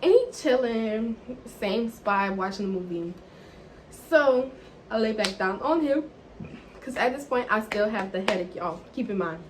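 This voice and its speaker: A young woman vlogger telling a dating story in casual, animated chat, swearing freely and saying "like" often. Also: medium pitch, a little slow, a little hiss or hum, low-quality recording. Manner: animated, profane, chatty with lots of "like".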